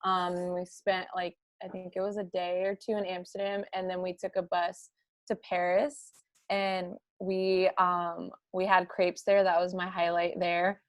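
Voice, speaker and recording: A woman sharing a travel story on a video call, halting with frequent pauses and fillers. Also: lowish voice, level tone, no echo. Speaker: game participant, former pro basketball player.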